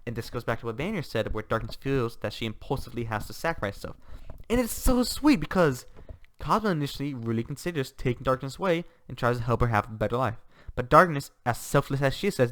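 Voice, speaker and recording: A man's voice: mid-range voice, animated, fast talker, a bit bright, dry recording. Enthusiastic man rambling about a book. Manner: enthusiastic, rambling with restarts and laughs. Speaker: book reviewer. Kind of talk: casual book review.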